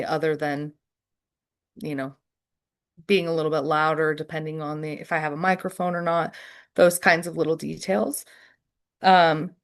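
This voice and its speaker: Her voice is on the low side as she runs a poetry workshop online. Questions get slow, considered answers from her, full of filler words.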